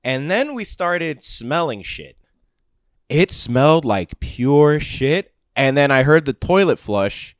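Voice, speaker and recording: A young man hosting a podcast, telling a rowdy story in a profane, animated way and laughing as he goes. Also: a little high, slow, no room sound, clean studio sound. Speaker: podcast host. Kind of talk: casual storytelling chat.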